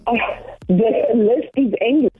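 Husky woman on a phone line. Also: a little high, faint music behind. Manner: measured, thoughtful, many ums. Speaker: nursing lecturer, phone guest. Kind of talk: phone interview on morning radio.

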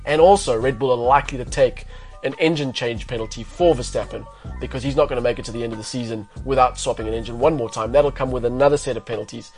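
A man's voice: mid-range voice, quick pace, a little mellow, faint music behind. A man who is a guest pundit, talking through race predictions in a podcast chat, thinking aloud with fillers.

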